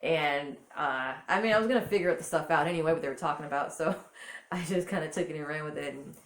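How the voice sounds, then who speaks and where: A woman talking as an interview guest, animated and laughing often as she tells stories. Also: low voice, fast, echoey room. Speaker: guest, voice performer. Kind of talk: casual interview.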